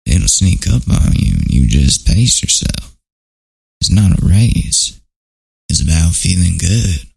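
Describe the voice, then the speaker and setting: A man putting on a movie-star impression, slow, low and drawling. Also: gravelly, slightly rough, exaggerated voice. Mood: laid-back.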